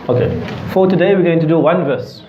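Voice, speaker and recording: A man's voice: on the high side, animated, brisk, background noise. Man teaching in a roomy classroom. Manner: explains with everyday examples and keeps checking in with students. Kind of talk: classroom lecture. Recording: roomy, dull lecture-hall recording.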